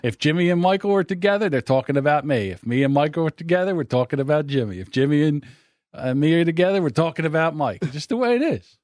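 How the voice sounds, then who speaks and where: Lively-voiced man joking on a podcast. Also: a little high, fast talker, no room sound, studio quality. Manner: joking, laughs often, teasing. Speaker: podcast host. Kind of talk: casual podcast chat.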